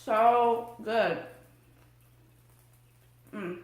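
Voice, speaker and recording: A woman's voice: on the high side, drawn-out words. Bubbly woman vlogging a meal. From Tampa, Florida area. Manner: bubbly, excited, chatty between bites. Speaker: mukbang vlogger. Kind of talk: casual eating vlog. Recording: echoey room.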